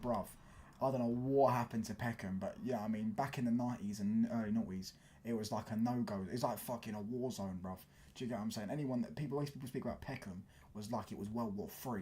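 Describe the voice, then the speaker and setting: A man with a London accent hosts a loose, slang-heavy football live stream. His voice sits on the low side and he keeps checking that his listeners follow him. He answers chat comments in a relaxed, rambling way. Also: slight background noise. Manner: casual slangy, keeps asking "do you get what I'm saying".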